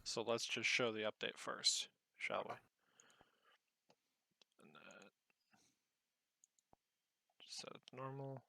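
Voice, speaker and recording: Young male student demoing an app, gravelly and cutting, casual step-by-step guide. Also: medium pitch, slow pace, long pauses, pushed and bright. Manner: casual, guiding through each step. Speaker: student presenter. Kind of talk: software demo narration.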